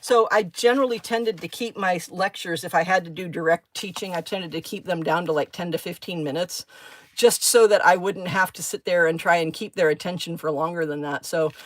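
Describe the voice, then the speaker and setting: A woman's voice: lowish voice, a little fast. Chatty woman rambling through a craft stream. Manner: rambling, easily sidetracked, talks to viewers by name. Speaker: craft live-stream host. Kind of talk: casual live-stream chat while crafting.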